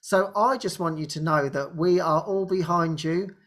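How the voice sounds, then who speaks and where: A man's voice: a little high, normal speed, fairly bright tone. A man hosting a spiritual group talk, often restarting his sentences, laughing and acting out quoted speech. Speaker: host.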